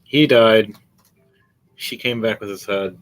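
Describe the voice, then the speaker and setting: A man running a tabletop game as game master, telling the story in a rambling, excitable and profane way. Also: on the low side, slow pace, poor audio.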